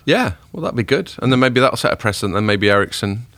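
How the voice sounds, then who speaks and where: A man hosting a podcast in casual chat, rambling and self-deprecating, a little hungover and rough-voiced. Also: mid-range voice, lively intonation, quick pace, fairly bright tone, no echo. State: hungover, voice a bit deeper than usual. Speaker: podcast host.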